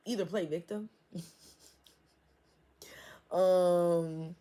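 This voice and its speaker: A woman's voice: lowish voice, huge pitch swings, very slow, long pauses, dark tone, breathy edge. A woman giving a casual tarot reading, blunt and full of swearing, laughing often. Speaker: tarot reader. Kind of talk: casual spiritual reading, profane and playful.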